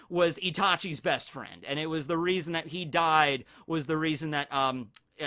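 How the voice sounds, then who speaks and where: A man hosting a casual anime discussion, excitable and rambling with many fillers. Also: a little high. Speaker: anime channel host.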